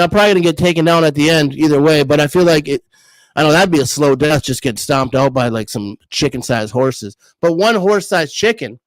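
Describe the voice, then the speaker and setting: A man's voice: fairly high pitch, no echo, low-quality recording. A man in his thirties hosting a casual live stream, rambling and laughing often as he reads comments. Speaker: livestream host reading comments.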